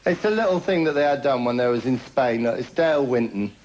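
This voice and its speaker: A man's voice: medium pitch, expressive, brisk. Boastful man, dull noisy TV tape. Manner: boastful, name-dropping, chatty with tag questions. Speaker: comedy show host. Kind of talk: comic monologue to camera. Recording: dull lo-fi TV recording with noise.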